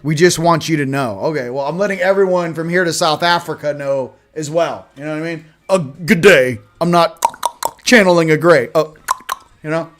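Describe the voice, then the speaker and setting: Male host, slightly higher voice, reads oracle cards casually with sarcastic jokes, faint music behind. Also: normal speed, a bit bright. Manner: joking, sarcastic asides. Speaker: host of a spiritual card-reading show. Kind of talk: casual oracle card reading.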